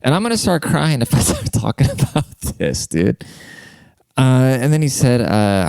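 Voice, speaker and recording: A man's voice: medium pitch, sing-song, normal speed, vocal fry, a little mellow, no room sound. A man hosting a podcast, telling stories in a casual comedic monologue. He rambles, swears a lot, and laughs at his own jokes. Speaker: podcast host.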